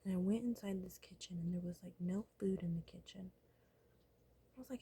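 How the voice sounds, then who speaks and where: Husky-voiced woman, casual vlog storyteller, profane and whispery. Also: on the low side, a little fast, mellow. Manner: profane, rambling, often drops to a whisper.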